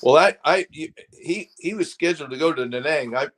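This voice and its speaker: A man's voice: on the high side, fairly quick, a bit bright. An older man, a guest telling casual stories, rambling with frequent restarts and laughter. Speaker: guest, former fighter pilot. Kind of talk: casual storytelling.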